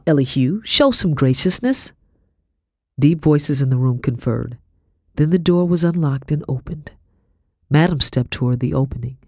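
A woman narrating a historical novel in first person, in a measured storytelling manner. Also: a bass voice, mellow, dry recording, clean studio sound. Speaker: audiobook narrator.

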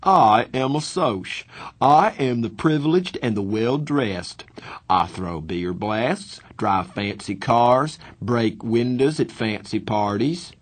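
A man's voice: lowish voice, expressive, slow pace, dry recording. A man playing a wisecracking teenage jokester in a storybook reading, with a timbre set apart from the narrator's. He talks with cheerful swagger and slides into a mock-snobbish drawl. He stays playful from line to line.

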